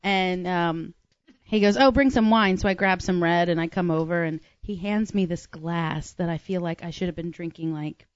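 A woman's voice: on the low side, steady tone, moderate pace, smooth, dry recording. Rambling woman telling a story, lo-fi. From family from Ireland. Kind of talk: candid casual chat. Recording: dull lo-fi dry sound.

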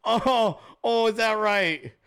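A man's voice: high-pitched, takes it slowly, a bit bright, clean tone. A man hosting a casual livestream, mocking and profane, laughing often and switching into sarcastic put-on voices. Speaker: host.

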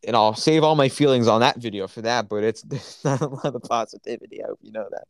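A man's voice: medium pitch, fast, dry recording. A man co-hosting a podcast in casual chat, enthusiastic and opinionated, with lots of fillers. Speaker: podcast co-host.

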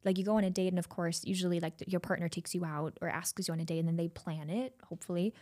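A woman's voice: on the low side, fairly even intonation, fast, a little mellow. A woman from Germany, hosting a casual podcast chat and telling stories in an encouraging way. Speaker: podcast host. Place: recording studio.

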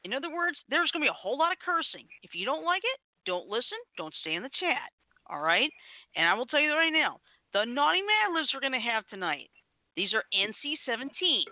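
A playful show host whose pitch swings widely as they chat and joke between topics, laughing often. The sound is thin and tinny, like a phone line, and dry with no room around it. Keep it loose and conversational. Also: sing-song, fairly quick, no echo. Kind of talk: casual internet radio show hosting.

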